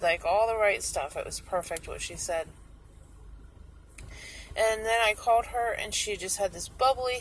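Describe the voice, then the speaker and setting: A young woman vlogging casually, retelling a story in a chatty, animated way and acting out what people said. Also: medium pitch, slight background noise, poor audio.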